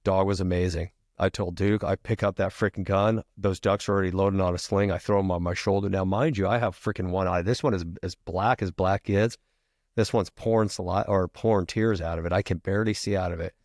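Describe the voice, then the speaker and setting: A middle-aged retired firefighter telling a long story as a podcast guest, casual and profane, peppering every sentence with "freaking". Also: male voice, deep voice, fairly even intonation, brisk, darkish tone, no room sound, clean studio sound.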